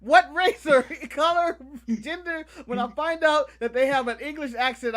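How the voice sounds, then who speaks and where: An excitable young American man co-hosts a casual chat, with a bright, forceful tone. He jokes constantly and breaks into laughter and sudden shouts. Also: very high-pitched, moderate pace. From United States. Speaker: podcast co-host.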